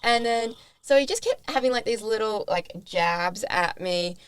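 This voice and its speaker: A young woman with an Australian accent tells a story in casual podcast chat, slipping into the voices of the people she quotes. Her voice is smooth and resonant, recorded close and dry with no room sound. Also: a little high, a little slow, no room sound. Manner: animated retelling, quoting both sides of a conversation. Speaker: podcast co-host.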